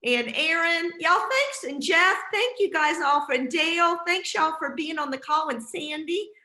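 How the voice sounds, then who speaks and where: A woman's voice: extremely high pitch, animated, normal speed, pushed and bright, echoey room. A woman hosting a casual team video call, chatty and encouraging with lots of fillers.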